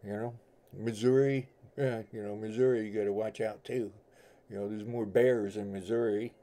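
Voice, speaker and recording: A middle-aged man with a mix of New York and Southern US accents hosts a tarot livestream from home, chatting casually with viewers in a folksy, rambling way. His voice is on the low side, steady, dark-toned and moderately paced.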